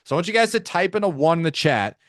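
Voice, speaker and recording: A man's voice: fairly high pitch, expressive, fast talker, no echo, studio quality. A man teaching a live online sales training, talking to his audience directly with lots of energy.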